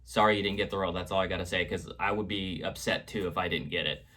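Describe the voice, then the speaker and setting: A man's voice: deep voice, fairly even intonation, quick pace, sharp tone. A man reviewing an episode in casual chat, rambling with fillers and restarts as he retells scenes. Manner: retells scenes and echoes quotes. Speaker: show reviewer.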